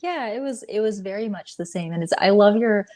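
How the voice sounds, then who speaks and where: A woman guest on an interview, explaining her ideas in a measured, earnest way. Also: mid-range voice, animated, a little mellow. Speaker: author guest. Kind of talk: casual interview chat.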